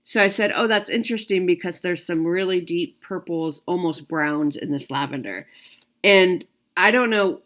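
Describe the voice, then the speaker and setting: A woman's voice: fairly low pitch, moderate pace, fairly bright tone. A woman from the United States hosting her own stitching video, chatting casually to viewers with lots of fillers and restarts. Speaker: cross-stitch video host.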